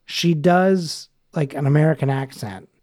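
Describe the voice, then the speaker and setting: A man's voice: fairly high pitch, a little slow, a little mellow. A man co-hosting a podcast, talking in a rambling, casual way with lots of fillers and restarts. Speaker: podcast co-host. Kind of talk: casual chat.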